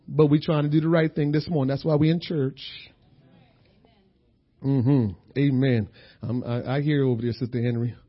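A middle-aged man preaching a sermon in church, telling his own story in a loose, conversational way, often repeating his words. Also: a little high. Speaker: pastor. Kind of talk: sermon with personal testimony. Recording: dull lo-fi sermon recording.

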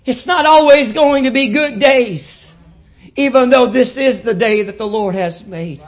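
A high-pitched woman delivers a fervent sermon with a repetitive, rhythmic cadence. She sinks into quiet, low asides, then climbs back to shouted peaks that carry across the church. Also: measured pace, dull audio. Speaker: preacher. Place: church with live congregation.

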